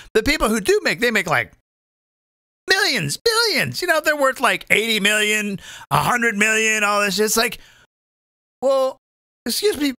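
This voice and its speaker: A man's voice: high voice, bright, forceful tone, no echo, clean studio sound. A man hosting a live comedy show, ranting in a profane, rambling, digressive way.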